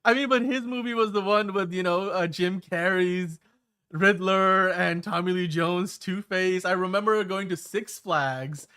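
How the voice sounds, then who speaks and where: Rambling male podcast host, slightly high. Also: unhurried, sharp tone, clear, resonant tone. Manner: rambling, many fillers and restarts. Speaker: show host. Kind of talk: casual podcast chat.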